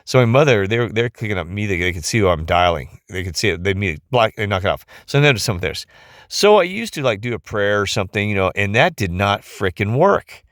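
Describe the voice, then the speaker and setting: A weary middle-aged man rambles through a casual monologue, drifting off track and restarting his sentences. His voice sits fairly low. It is recorded close on a phone in a dry space with almost no room sound. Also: sing-song, fast talker, fairly bright tone, dry recording. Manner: rambling, loses his thread, many fillers and restarts. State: tired. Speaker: vlogger.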